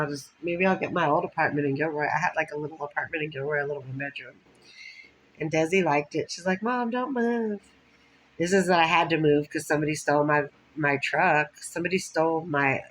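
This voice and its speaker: A woman with a low, somewhat bright voice rambles through stories from her life in a casual monologue, swearing and laughing often. The recording is low quality, with faint background noise.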